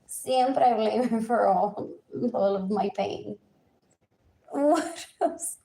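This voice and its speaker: A woman livestreams an unscripted, agitated rant in a slow, gravelly voice of medium pitch with a dark tone and fairly even intonation. She repeats herself in chanted lists and switches between English and Spanish mid-sentence.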